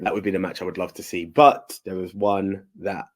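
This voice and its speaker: A man's voice: sits low, brisk, few pauses. Podcast host: man, easygoing and self-mocking, walks through the rules in a chatty way. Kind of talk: casual chat.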